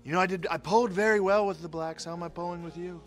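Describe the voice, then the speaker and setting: A boastful, crude president figure, as a man puts him on, who rambles and throws insults at everyone. The voice sits a little high, and faint music plays underneath. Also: steady tone, quick pace, fairly bright tone. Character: male president character in a comedy sketch, boastful and crude.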